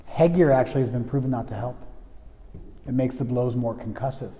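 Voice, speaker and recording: A man teaching a group in a loose, conversational way, stopping to ask whether listeners follow. His voice sits at a middle pitch. A long reverb hangs behind it. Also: brisk, mellow. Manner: conversational, frequent restarts, checks listeners with "you follow?". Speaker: spiritual teacher. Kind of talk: informal talk to a group.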